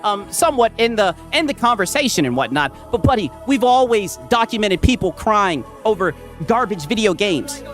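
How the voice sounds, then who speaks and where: Male streamer, casual chat host, very expressive pitch, habitual "right?", faint background music. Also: moderate pace, hardly any pauses. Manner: animated, repeats "right?" constantly, reads chat shout-outs.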